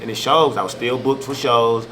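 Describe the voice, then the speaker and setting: A man's voice: mid-range voice, moderate pace, sharp tone. A young man from Milwaukee, a comedian and online creator, talking casually in an interview with loose slangy storytelling and lots of fillers. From Milwaukee, Wisconsin. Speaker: comedian and social media creator. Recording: noisy background ambience.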